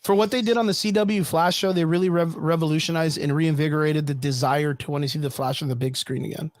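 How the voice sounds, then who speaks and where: This is a man, slightly high-pitched, talking bluntly and emphatically in a casual podcast chat. His voice sits close to the mic, dry and with no room sound. He swears freely and pushes his points hard. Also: steady tone, fast talker, no room sound. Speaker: podcast co-host.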